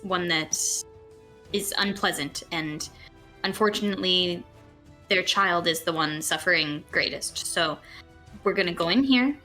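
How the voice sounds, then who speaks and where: A solemn, gentle healer man in a tabletop game, as a woman puts him on, guiding visitors with quiet care. He speaks softly and hesitantly, with a slightly lowered pitch. His pace is slow and measured. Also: faint music behind. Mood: earnest. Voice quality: soft-spoken, hesitant, measured.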